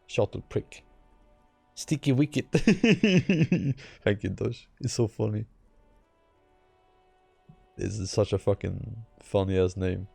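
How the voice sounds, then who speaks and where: Low, gravelly Swedish streamer. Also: male voice, slow, long pauses, warm tone, no room sound, soft background music. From Sweden. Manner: rambling, profane and amused. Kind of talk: casual live-stream commentary.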